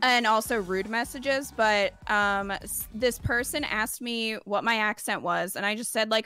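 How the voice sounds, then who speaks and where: A young woman with a neutral North American accent telling stories with dry, deadpan humor while playing a game. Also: fairly high pitch, measured pace, few pauses, clear, resonant tone. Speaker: streamer, co-op player. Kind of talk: casual gaming chat.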